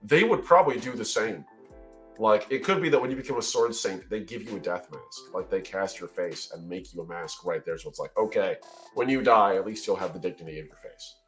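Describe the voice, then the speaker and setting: A man's voice: on the low side, brisk, a bit bright, faint music behind. A man chatting casually on a live stream, musing over ideas and laughing often. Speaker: co-host of a worldbuilding stream. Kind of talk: casual chat.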